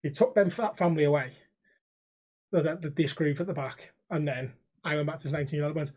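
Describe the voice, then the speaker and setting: A man's voice: fairly high pitch, quick pace, a little mellow. A young man, co-hosting a podcast and telling stories in casual chat, swearing freely and acting out the people in them. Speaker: podcast co-host.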